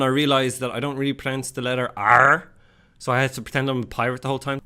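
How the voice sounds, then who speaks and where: A young man with an Irish accent chatting casually and reacting to a quiz, self-mocking and animated. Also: on the high side, clean tone. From Ireland. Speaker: YouTuber. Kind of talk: casual vlog commentary.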